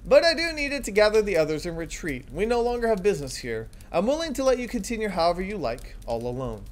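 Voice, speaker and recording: A gamer voicing a smug, scheming male professor and inventor while reading a game's dialogue aloud, in a lowered, haughty and pompous delivery. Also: big pitch swings, quick pace, close to an everyday voice.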